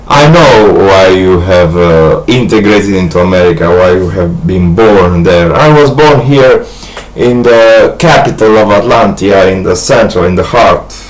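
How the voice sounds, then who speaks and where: Halting, grandiose man. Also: low voice, low-quality recording. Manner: hesitant, halting, many restarts and fillers; grandiose, earnest monologue. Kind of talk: rambling personal video message.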